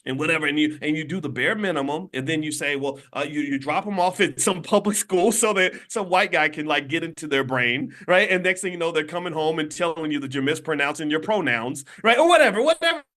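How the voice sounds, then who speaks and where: A man's voice: on the high side, fairly quick, hardly any pauses. A middle-aged man giving an emphatic, preaching-style lesson over a phone livestream from a hotel room, full of rhetorical questions. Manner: emphatic, rhetorical questions, swings between loud and quiet. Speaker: speaker giving an economics lesson to a live online audience. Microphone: phone on a video stream.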